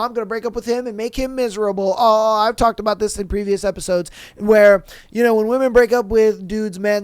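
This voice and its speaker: A man's voice: high voice, smooth, dry recording, clean studio sound. Profane, heated young man podcaster. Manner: blunt, profane, heated, addresses listener as bro. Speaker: podcast host. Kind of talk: casual reaction commentary.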